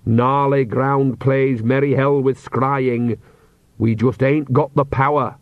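A man's voice: mid-range voice, fairly even intonation, takes it slowly, no room sound, phone-quality sound, natural voice. A man reading aloud and voicing a cheerful, bawdy old witch woman with a blunt, teasing manner. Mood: insistent.

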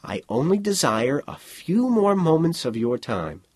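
A tired male inventor pleads his case, earnest and slightly raised, as a man reads him aloud. The voice carries a husky grain and rises and falls a lot. It sounds dry and close. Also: a little high, big pitch swings, measured pace, no echo, voice pushed up, heavily acted. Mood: pleading.

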